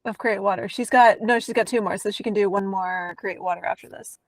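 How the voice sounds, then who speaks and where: A woman's voice: mid-range voice, brisk, no echo. A woman at a tabletop game describes what her character does in the third person. The sound is close and dry. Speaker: player.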